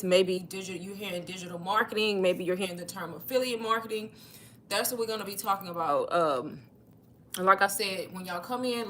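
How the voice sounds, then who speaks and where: Bright-voiced chatty woman livestreaming. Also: mid-range voice, a little hiss or hum. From Texas. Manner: chatty, addresses viewers as y'all. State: out of breath. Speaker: livestream host. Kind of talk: casual livestream talk.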